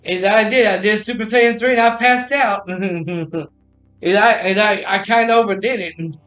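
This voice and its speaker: A man with a high, bright voice tells a story on his podcast live stream, excitable and rambling, often restarting his sentences. The sound is roomy and echoey, with faint music playing behind him. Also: a little slow. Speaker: podcast host.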